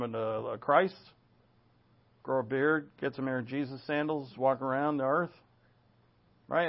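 A male pastor preaching an expository sermon, full of asides and rhetorical questions. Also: on the high side. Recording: dull lo-fi sound.

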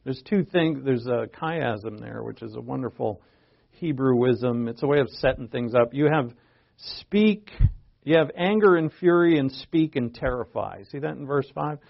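A man's voice: a little high, vocal fry. A man in his fifties preaching a conversational Bible sermon, asking rhetorical questions and often restarting his sentences. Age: 50s. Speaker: pastor. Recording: dull lo-fi recording.

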